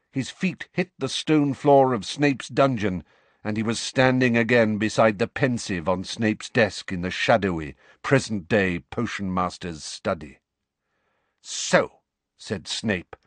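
A man narrating an audiobook in an expressive, dramatic way. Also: on the low side, no room sound.

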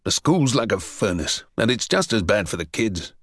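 A man voicing an earnest male math teacher in a low, plain, measured delivery. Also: big pitch swings, a bit bright, no echo, studio quality.

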